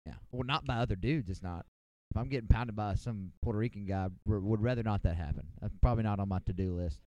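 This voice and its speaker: A man's voice: on the low side, fast talker, warm tone, dry recording, lo-fi sound. A young man on a casual podcast, rambling through a profane, boisterous anecdote. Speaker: podcast co-host. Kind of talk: casual storytelling among friends.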